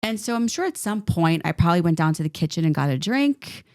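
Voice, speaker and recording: A woman co-hosting a podcast, telling a personal story in an animated, rambling way with lots of filler words. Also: lowish voice, fast talker, dry recording, clean studio sound. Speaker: podcast co-host. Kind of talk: casual storytelling chat.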